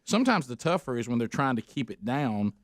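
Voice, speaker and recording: A man's voice: medium pitch, very animated, a little fast, dry recording, studio quality. A man hosting a radio talk show, joking and rambling in casual chat.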